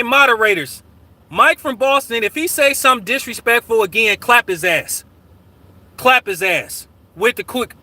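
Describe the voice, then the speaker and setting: Brash, high-voiced profane streamer man. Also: sharp tone. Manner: profane, combative, slangy. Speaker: channel host. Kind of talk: casual livestream talk.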